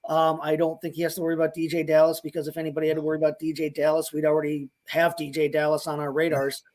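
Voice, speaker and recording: This man has a fairly high voice for a man and talks fantasy football in a loose, casual way. He wanders through his points with lots of restarts and hedging, sounding like a co-host riffing on a live show. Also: completely flat delivery, racing, darkish tone. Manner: rambling, lots of restarts and hedges. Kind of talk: casual sports chat.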